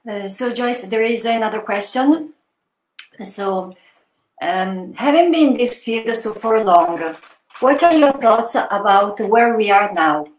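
A woman interviewing a guest, asking questions in a soft, hesitant way. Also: on the high side, animated, slow. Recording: echoey room with faint noise.

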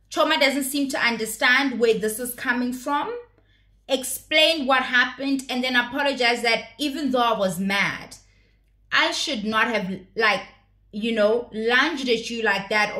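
A woman's voice: on the high side, sharp tone, echoey room. A woman giving casual recap commentary on a reality show, blunt, profane and opinionated.

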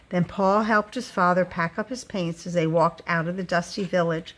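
A woman reading a children's picture book aloud, with expressive storytelling delivery. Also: on the low side, normal speed, few pauses.

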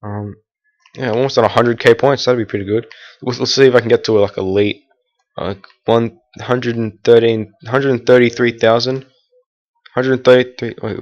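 A man's voice: mid-range voice, highs cut off. A teenage boy casually commenting on his gameplay, rambling with fillers and restarts and breaking into annoyed outbursts. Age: teens. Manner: erupts in annoyed outbursts at the game.

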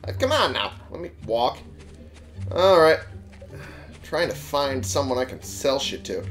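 A man's voice: medium pitch, very animated, a little slow, fairly bright tone, faint music behind. A man giving casual let's play commentary, sarcastic and swearing as he talks back to game characters. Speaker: gamer playing on a channel.

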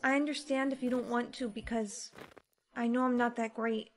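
Brief: woman as a shy orphan girl, high and soft-spoken, hesitant and sincere, for a short skit. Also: fairly even intonation, normal speed, a little hiss or hum, lightly acted. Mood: insecure. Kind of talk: short comedic skit acting.

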